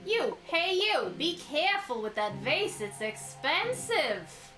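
A woman's voice: sits high, sing-song, slow, sharp tone, slight background noise, pitched above the performer's own voice, full character voice. A woman voicing a brassy old grandma who runs an antique shop, in a put-on New York accent and folksy manner full of pet names. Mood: sassy. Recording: echoey room with music behind.

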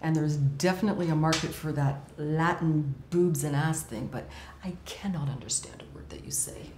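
An actress playing a blunt, dismissive talent agent in a comedy web series. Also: female voice, low-pitched, fairly even intonation, moderate pace, a little mellow, natural voice. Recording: echoey room with background noise.

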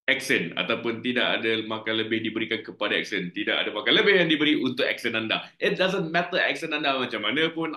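Malaysian guy teaching, animated and jokey, bright tone, bit of room echo. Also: mid-range voice. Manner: chatty, animated, jokey, code-switching. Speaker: English teacher. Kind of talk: casual exam tips lesson mixing English and Malay.

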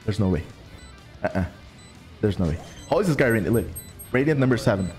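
Guy ranting over his game, crude trash talk, pitch jumps all over. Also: expressive, a little fast, music in the background. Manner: exasperated, ranting. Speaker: streamer commentating his gameplay. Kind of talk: gameplay commentary.

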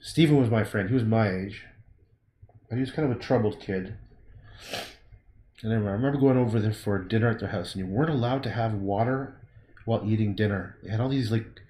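A man's voice: fairly low pitch, a little fast, pauses often, warm tone, echoey room, slight background noise. A man thinking aloud in a rambling, casual way as he paints during a livestream, often breaking off and muttering to himself. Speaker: painter livestreaming his work.

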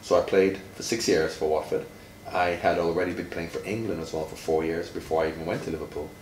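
A very deep-voiced man in his fifties from Jamaica, talking playfully to a child and quizzing her, dragging out words to make a point. He sounds set back from the mic in an echoey room with faint noise behind him. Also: fairly even intonation, darkish tone. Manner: playful, quizzing, drawn-out emphasis. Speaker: retired footballer, interviewee. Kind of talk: friendly teaching chat with a child. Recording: roomy, from far off, faint noise.

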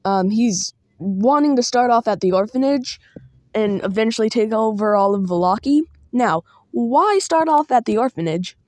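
A woman's voice: fairly high pitch, animated, normal speed, darkish tone, dry recording, clean studio sound. A woman giving a casual spoken guide as a tabletop game master, chatty and meandering with small asides.

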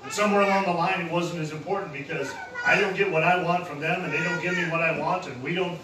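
A man's voice: on the high side, fairly even intonation, fast. A man preaching a sermon in a plain-spoken, casual way, using everyday slang. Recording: roomy echo, heard from a distance with faint noise.

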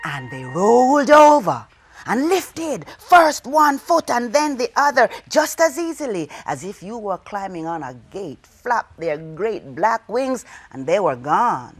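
A woman telling a folk tale to children, dramatic, with call-and-response and hushed whispers. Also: mid-range voice. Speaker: storyteller. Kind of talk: storytelling for children.

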